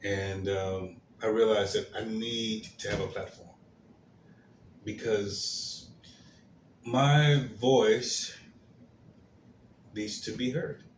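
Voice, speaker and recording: A man hosting his own commentary stream, talking in a halting way with many fillers and restarts, his phrases trailing off softly. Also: lowish voice, steady tone. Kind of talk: slow, hesitant solo commentary. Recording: roomy echo, faint background hiss.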